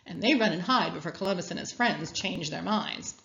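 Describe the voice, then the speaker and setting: A woman reading a children's story aloud as a guest speaker, with expressive storytelling. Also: fairly low pitch, brisk, vocal fry, muffled recording.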